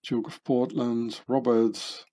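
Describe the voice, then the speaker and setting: A man's voice: mid-range voice, little pitch movement, takes it slowly, mellow. A man talking in a meandering monologue over pictures, with many fillers and restarts. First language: German. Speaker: commentator. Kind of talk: rambling monologue over images.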